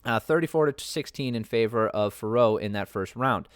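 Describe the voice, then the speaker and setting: A man's voice: medium pitch, moderate pace, clean tone, no echo, studio quality. A man hosting a podcast, giving a casual, rambling breakdown of fights with profane asides and lots of filler words. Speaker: podcast host.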